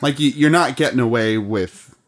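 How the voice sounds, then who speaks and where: A man's voice: mid-range voice, moderate pace. A man hosting a casual podcast, joking and laughing as he reads listener questions to the group. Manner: jokey, laughs often, reads questions aloud.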